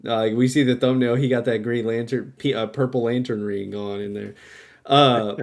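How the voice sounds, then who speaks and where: A young man co-hosting a podcast with a voice of ordinary pitch. He talks with lively energy, curses casually, and jumps into loud, fired-up rants. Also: moderate pace, vocal fry. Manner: animated, swears freely, flares into loud outbursts. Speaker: podcast co-host. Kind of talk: casual chat.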